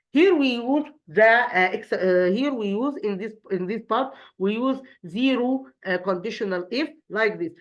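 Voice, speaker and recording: Woman, English teacher, hesitant with many fillers, slightly muffled lo-fi recording. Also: a little high. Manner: halting, many fillers and restarts. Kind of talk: explaining a grammar lesson.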